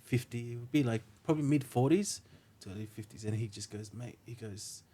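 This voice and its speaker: A man guesting on a podcast tells stories earnestly and casually, his medium-pitched voice warm, slightly rough, and a little fast. He says "like" and "mate" constantly.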